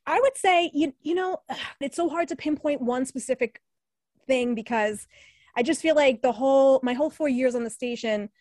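A woman in her forties from the New York area, with a New York accent, chats casually as an alumni guest in a podcast interview; she's a former radio newscaster. She laughs often and uses many fillers, her high voice a little mellow at a moderate pace, with no room sound.

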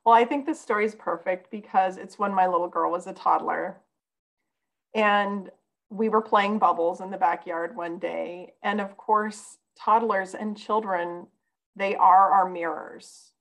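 A woman's voice: mid-range voice, fairly even intonation, a little slow, poor audio. A woman guest on a podcast, telling a personal story in an earnest, candid way. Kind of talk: casual conversation, personal storytelling.

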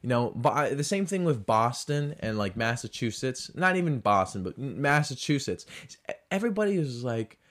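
A man's voice: medium pitch, big pitch swings, moderate pace, fairly bright tone. A male podcast host rambles through a casual comedic monologue. He is loose and sarcastic, and he leans on "like" fillers as he talks.

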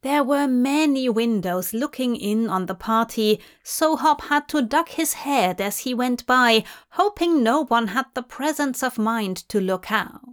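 A woman reads a fan fiction story aloud, taking her time over each sentence. Her voice sits slightly high and her delivery is slow and deliberate. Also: lively intonation. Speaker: fanfiction reader. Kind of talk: storybook narration.

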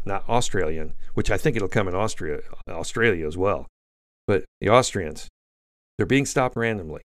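Man, low gravelly voice, blunt indignant commentary host, lots of restarts, dry close sound. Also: dry recording. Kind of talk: opinionated news commentary monologue.

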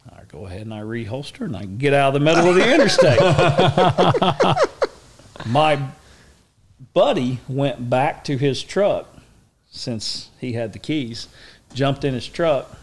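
A middle-aged man with an Oklahoma drawl telling a story as an interview guest. His pitch sits in the middle range for a man. He talks in a folksy, animated way and pokes fun at himself. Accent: Southern US, Oklahoma. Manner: folksy, animated, self-mocking. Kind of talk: casual storytelling.

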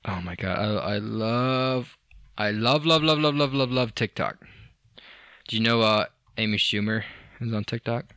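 A man's voice: lowish voice, measured pace, a bit bright, no echo, clean studio sound. A young man co-hosting a casual podcast, rambling and joking with lots of fillers, restarts and swearing. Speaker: podcast co-host. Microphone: studio microphone.

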